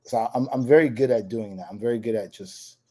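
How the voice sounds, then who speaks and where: A man guest on an interview show, talking loosely and circling back with lots of "and, and" restarts. His voice sits at a middling pitch with a mellow, relaxed tone. He tells stories from his life as a player. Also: brisk. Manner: rambling, many restarts and fillers. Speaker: guest, table tennis player. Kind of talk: casual storytelling interview.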